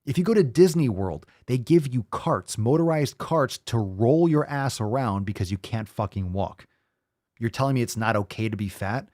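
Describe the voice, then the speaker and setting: A man's voice: medium pitch, lively intonation, moderate pace, a little mellow, dry recording, studio quality. A man hosting a show, ranting in profane, sarcastic commentary and mocking the people he quotes. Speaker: host.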